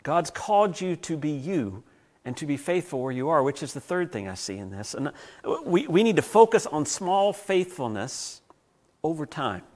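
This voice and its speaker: A man preaching a sermon as pastor. He tells stories, swinging between loud passages and hushed ones. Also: a little high, very animated, normal speed.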